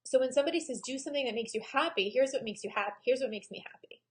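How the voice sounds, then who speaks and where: Woman vlogging, kinda high voice, real open and emotional, lots of ums and pauses. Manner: frank and emotional, with frequent pauses and "um"s. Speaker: photographer and vlogger. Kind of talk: candid personal video diary.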